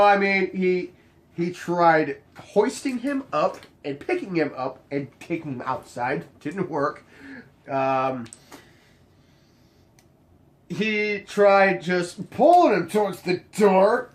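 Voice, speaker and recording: A man's voice: slow, pauses often. A young man casually telling a bartending story, acting out each exchange with sudden jumps up in his voice. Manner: animated, acts out the dialogue, jumps high in pitch when quoting others.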